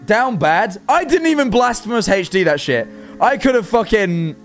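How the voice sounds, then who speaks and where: A man chats away on a live stream with a tired, worn-out voice, rambling and cursing between thoughts. His pitch sits a little high and leaps around a lot. Faint music plays underneath. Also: moderate pace. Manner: rambling, animated, swears freely, talks to chat. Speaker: livestreamer reacting to a horror series. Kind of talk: casual livestream commentary.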